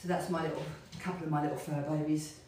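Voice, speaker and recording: While working out with a hula hoop, a middle-aged woman fitness instructor keeps up loose, rambling chatter in a flat, quick delivery. Her slightly low voice is a little mellow, echoing around a very reverberant studio and picked up from a distance, with slight background noise.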